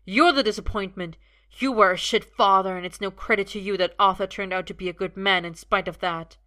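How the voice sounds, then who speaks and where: A woman's voice: mid-range voice, steady tone, a little fast, natural voice. A woman reading the part of a wounded young man who speaks fiercely and bravely, and tenderly to the one he loves. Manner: fierce, then tender and gentle. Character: injured, brave young man facing death.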